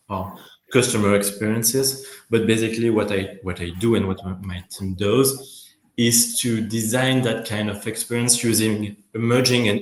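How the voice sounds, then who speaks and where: French-accented man, low voice, roomy echo. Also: slight background noise. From France. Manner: apologetic about his English, steady explaining. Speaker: guest, immersive experience designer. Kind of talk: podcast interview. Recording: roomy echoey sound.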